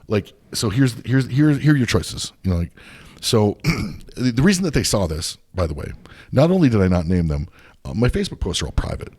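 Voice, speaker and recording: His voice sits low and has a darkish, sing-song quality, moving at an ordinary pace. The podcast host spins a lengthy tale as an angry, expletive-laden rant that constantly swears, rambles and restarts.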